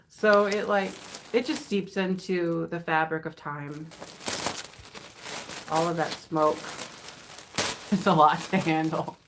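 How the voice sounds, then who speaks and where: A woman's voice: medium pitch, noisy background. A tired woman chatting on a live stream while unboxing, giddy and rambling, laughing often. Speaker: vintage reseller hosting an unboxing. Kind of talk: casual live-stream chat.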